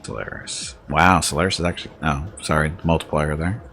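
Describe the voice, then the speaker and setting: A man's voice: rumbling low, fairly even intonation, fairly quick, sharp tone, soft background music. A man streaming a game, chatting in a laid-back, joking way and chuckling often. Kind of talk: casual gaming livestream chat.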